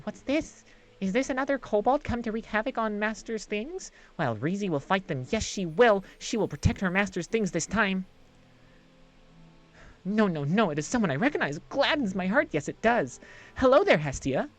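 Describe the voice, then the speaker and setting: Reezy, a streamer doing a squeaky little kobold girl. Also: very animated, normal speed, natural voice. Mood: eager. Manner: squeaky, sing-song, repeats herself, talks in third person. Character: excitable little female kobold servant. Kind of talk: live-streamed game voice acting.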